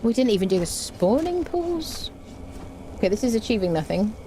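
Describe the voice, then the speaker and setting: A woman's voice: on the high side, big pitch swings, normal speed, dark tone, a little hiss or hum. A woman streaming a game, chatting casually, humming little tunes to herself, joking and talking to enemies and her chat as she plays. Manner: chatty, hums and mutters to herself while playing. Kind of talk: casual gameplay commentary.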